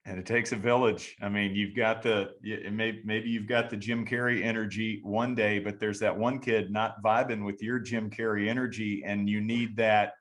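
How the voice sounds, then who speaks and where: A man's voice: fairly low pitch, level tone, fairly bright tone. A man hosting a podcast interview, enthusiastic and stop-start, with plenty of fillers. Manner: enthusiastic, with halting restarts and fillers. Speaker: podcast host.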